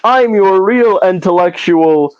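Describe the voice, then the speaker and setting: A man's voice: sits high, slow pace, voice pushed up. A man mocking up a smug riddle-spouting villain, dull lo-fi sound. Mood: smug taunting. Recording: slightly dull lo-fi podcast audio.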